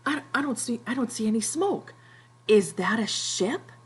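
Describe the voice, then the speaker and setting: A woman's voice: fairly high pitch, lively intonation, moderate pace, husky, pitched above the performer's own voice. A woman voicing an anxious, nearsighted schoolboy stranded on an island, who repeats himself in a panic. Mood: panicky.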